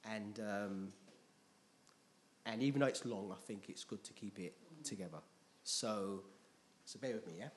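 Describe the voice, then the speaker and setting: A man's voice: fairly low pitch, unhurried, pauses often, slight background noise. A man preaching a conversational sermon in a church, reading scripture aloud and often checking in with his congregation.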